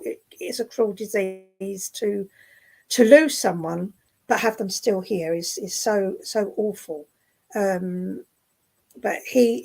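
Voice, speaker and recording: A woman working as a spiritualist medium in an online service, speaking gently and affectionately, with many fillers and restarts. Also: medium pitch, low-quality recording. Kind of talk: clairvoyant readings in an online service. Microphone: video call.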